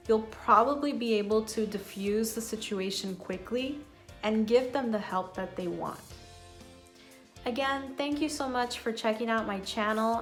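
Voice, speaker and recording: A woman teaching English in a calm, clear, unhurried way, carefully modelling phrases for her learners. Her voice sits at a middle pitch. Faint music plays behind her. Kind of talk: online English lesson.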